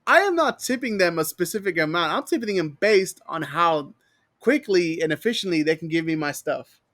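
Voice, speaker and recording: A man's voice: a little high, lively intonation, normal speed, a bit bright, dry recording. A man with a Texan accent co-hosting a podcast, rambling and cursing as he tells stories and mimics people. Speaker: podcast co-host. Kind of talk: casual chat.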